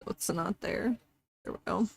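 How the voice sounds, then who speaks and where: A woman streamer chatting casually, laid-back and quick to laugh, with some swearing. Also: no echo. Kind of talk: casual chat on her stream.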